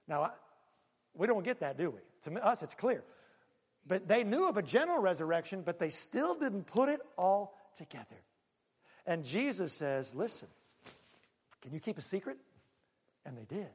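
A man preaches a sermon with an animated delivery, swinging between loud bursts and quiet, hushed asides. His voice sits high for a man. The sound carries the long reverb of a large hall. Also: normal speed, slightly rough. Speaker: pastor.

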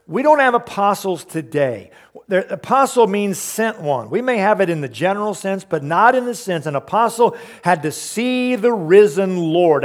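A man preaching a sermon, emphatic, asking the congregation rhetorical questions and explaining verses. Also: high voice. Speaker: pastor.

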